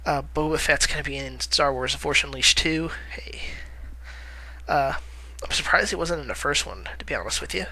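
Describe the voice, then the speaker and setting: A man's voice: a little high, moderate pace, sharp tone, poor audio. A man giving casual movie-news commentary in a vlog, rambling with lots of "uh" fillers, correcting himself and chuckling wryly at his own remarks.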